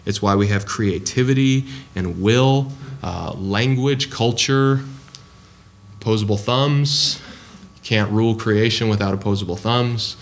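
A man's voice: fairly low pitch, a little slow, gravelly, slight background noise. A man preaching a sermon in a conversational way, with frequent ums and restarts.

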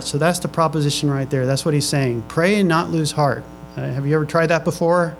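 Man, pastor, sermon, reads scripture slowly, repeats phrases, slightly high voice. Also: faint music behind, poor audio. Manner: reads scripture slowly, then presses questions on the congregation; repeats himself and restarts phrases.

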